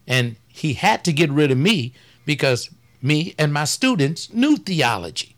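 A man's voice: a little high, sing-song, unhurried, fairly bright tone. A man who is a pastor and talk show host, speaking in a blunt, folksy, emphatic way and drawing out stressed words. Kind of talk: casual preaching talk.

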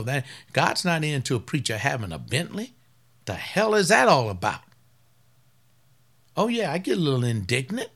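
A man preaching a fiery sermon as pastor, swinging from loud outbursts to hushed asides. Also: mid-range voice.

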